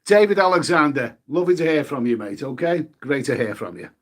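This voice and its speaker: Speaking briskly in a slightly high voice with lively intonation, a man chats on a live stream. He munches on food as he talks, lets out mild swears, and reads viewer comments and names out loud.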